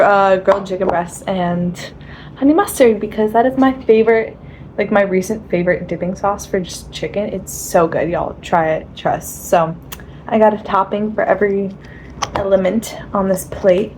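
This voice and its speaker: A woman's voice: medium pitch, moderate pace, a little mellow, a little hiss or hum. A young woman chatting casually in a rambling, laughing way as she vlogs her day. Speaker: vlogger. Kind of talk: casual vlog chat.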